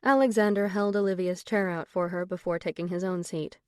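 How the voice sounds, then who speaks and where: Woman reading an audiobook, smooth lowish voice, dry close mic. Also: fairly even intonation, a little fast, few pauses, dry recording. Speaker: audiobook narrator. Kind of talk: scripted narration.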